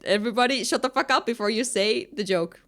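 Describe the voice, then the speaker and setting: A woman's voice: a little high, quick pace, fairly bright tone. Giggly woman streamer. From Finland. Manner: giggly, self-deprecating. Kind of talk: casual chat while reading a game.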